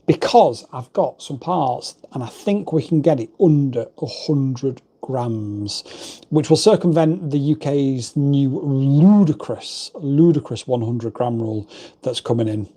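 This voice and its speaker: A middle-aged Englishman hosts a casual livestream on a desk microphone, chatty and rambling as he reads out viewer comments from the chat. His voice is medium-pitched, expressive, mellow, and breathy, at a measured pace.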